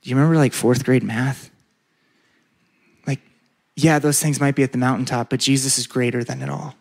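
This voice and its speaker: A man's voice: medium pitch, steady tone, vocal fry, a little mellow. A man preaching a sermon, stretching out repeated words for emphasis and leading the congregation in call-and-response. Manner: emphatic, drawn-out repetitions, leads call-and-response. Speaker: pastor.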